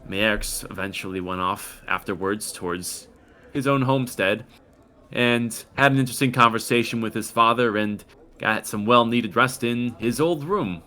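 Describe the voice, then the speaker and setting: Guy gm telling the story, lowish voice but bright, takes his time describing stuff. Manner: measured descriptive narration with occasional pauses. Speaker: game master. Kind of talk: narrating a tabletop game recap.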